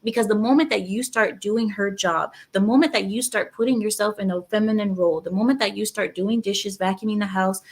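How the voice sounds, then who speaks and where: A woman's voice: mid-range voice, fairly quick, few pauses. A woman hosting her channel, giving emphatic, repetitive, lecturing commentary on a clip. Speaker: channel host reacting to clips. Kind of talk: opinionated commentary.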